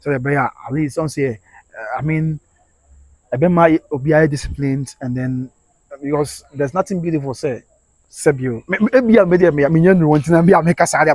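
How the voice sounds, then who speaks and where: A man's voice: a little high, a little fast, a little mellow, no room sound. A man with a Ghanaian accent hosting a casual live stream, reading out viewer comments, laughing often and switching between English and Twi.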